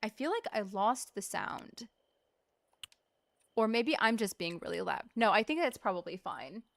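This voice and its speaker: A woman's voice: mid-range voice, sing-song, a little slow, vocal fry, fairly bright tone. A woman chatting casually to her viewers while she plays through a cozy farming game on a live stream. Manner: chatty and upbeat, addressing the chat. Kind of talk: casual live gameplay commentary.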